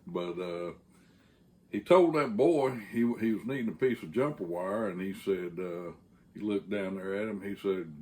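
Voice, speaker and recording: Texan man, host and storyteller, low voice, slow rambling delivery full of "uh" pauses. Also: darkish tone. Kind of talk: casual storytelling.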